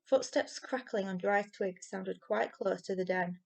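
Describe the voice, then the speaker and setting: Lady reading a kids' book out loud, lively storytelling, middle pitch. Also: a little slow, creaky. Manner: expressive storytelling. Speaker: reader. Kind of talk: reading a children's novel aloud.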